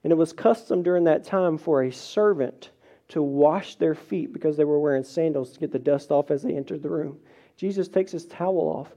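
A male pastor preaching a sermon, telling stories with lively acted-out quotes and a pace that speeds up and slows down. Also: on the high side. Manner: animated storytelling, acts out quoted voices, varied pace.

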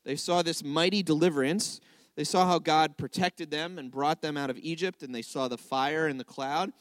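A man's voice: fairly high pitch, moderate pace, no echo, clean studio sound. A man giving an interactive sermon to a congregation, conversational and often checking in with his listeners. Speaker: congregational teacher.

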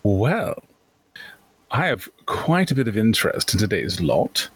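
A man's voice: on the low side, big pitch swings, unhurried, slightly rough, heavily acted, low-quality recording. A man voicing a genteel male curiosities merchant who speaks with formal, florid politeness.

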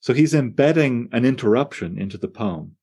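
A man teaching a poetry class, talking in a lively, digressive way that often breaks off into asides. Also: mid-range voice, a little fast, husky. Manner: animated, digressive, self-interrupting. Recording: on air class broadcast.

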